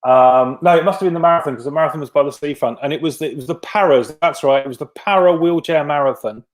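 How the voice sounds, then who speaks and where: A man with a somewhat high-pitched voice recounts anecdotes as a guest on a video call. His speech is full of um-filled restarts and self-deprecating humor. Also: quick pace. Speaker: guest, venue producer. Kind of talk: casual storytelling interview.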